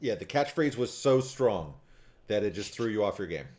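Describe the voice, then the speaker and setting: A man's voice: fairly low pitch, animated, normal speed, a crowd in the background. A man running a tabletop game as dungeon master, narrating the action and laughing often with his players.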